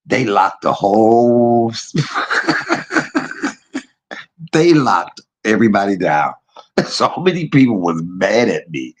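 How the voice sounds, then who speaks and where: A man with a deep, gravelly voice that has a husky edge, telling a personal story in a casual vlog. He talks bluntly and profanely, laughing at himself, and his pitch swings widely as he tells it. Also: very animated, slow pace, long pauses. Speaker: vlogger.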